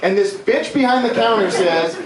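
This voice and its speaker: A man doing deliberately awkward stand-up comedy, halting and stumbling through his jokes with many restarts and ums. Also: high voice. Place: live comedy club with audience. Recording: echoey live club recording from far off, loud crowd.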